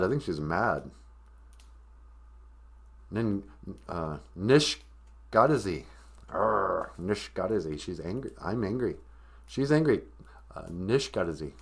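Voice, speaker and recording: A man hosting a comic live-stream podcast, teaching language phrases in a joking, self-mocking way. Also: fairly low pitch. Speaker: podcast host teaching Ojibwe.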